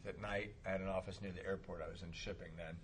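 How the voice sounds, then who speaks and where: A man speaking at a recovery meeting, telling a personal story in a casual, animated way and laughing often. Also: sits low, fast talker, a little hiss or hum. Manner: animated, laughs often, acts out voices in quotes.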